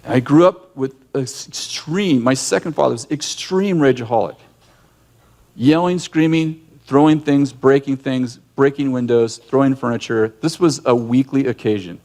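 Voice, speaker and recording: A ministry leader and teacher delivers a conversational sermon in a mid-range voice at normal speed. Direct and emphatic, he is an animated storyteller who acts out scenes, including yelling ones, and often restarts his sentences.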